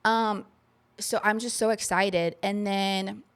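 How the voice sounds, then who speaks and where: A woman's voice: medium pitch, steady tone, slow pace, clean tone. A woman co-hosting a podcast, telling a long personal story in casual chat and swearing freely. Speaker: podcast co-host.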